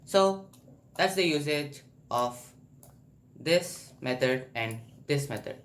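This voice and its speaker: Slow, patient male coding tutor. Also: a little high, lively intonation. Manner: patient step-by-step explaining, thinking aloud. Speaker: programming tutor. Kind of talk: screen-recorded coding tutorial. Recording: faint background noise.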